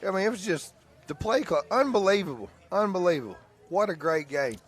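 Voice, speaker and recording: A man commentator chatting excitedly after a high school football game. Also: brisk, husky. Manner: excited, exclaiming. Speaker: broadcast commentator. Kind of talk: casual postgame chat.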